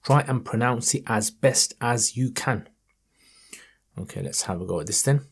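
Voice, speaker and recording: A man teaching Quran reading in an online lesson, patiently encouraging and modelling each verse in a slow, melodic recitation tone. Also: medium pitch, creaky, breathy edge. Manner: chants verses in a raised melodic tone.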